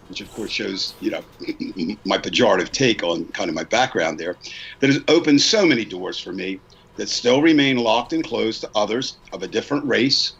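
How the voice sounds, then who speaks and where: A man's voice: lowish voice, animated, moderate pace, creaky, a bit bright, breathy edge, highs cut off. A man in his sixties, a podcast co-host, earnestly reading a prepared statement and repeating lines for emphasis. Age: 60s.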